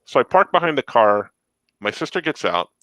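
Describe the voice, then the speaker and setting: A man's voice: medium pitch, sing-song, moderate pace, bright, forceful tone, dry recording, rough recording. A man co-hosting a podcast, telling a story in a rambling, self-interrupting way and laughing often. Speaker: podcast co-host. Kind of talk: casual storytelling.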